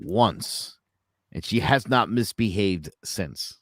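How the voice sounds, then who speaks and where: A man's voice: fairly low pitch, lively intonation, slow pace, fairly bright tone, dry recording. A middle-aged man chatting casually on a podcast, telling a story in a wry, dry way. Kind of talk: casual chat.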